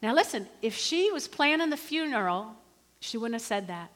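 Animated woman preacher in a big hall. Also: a little high, normal speed. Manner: animated, conversational, asks for crowd response. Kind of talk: sermon. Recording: reverberant hall.

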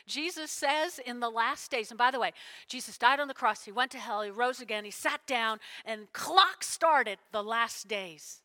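A woman's voice: a little high, sharp tone. A woman pastor preaching a sermon, emotional and full of call-and-response with her congregation.

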